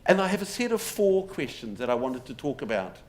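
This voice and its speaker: A man's voice: mid-range voice, big pitch swings, fairly quick, a little mellow. A man giving a public talk to a live audience in a pub, telling stories with wry humour and rhetorical questions. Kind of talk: public lecture. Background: audience laughter, faint room noise.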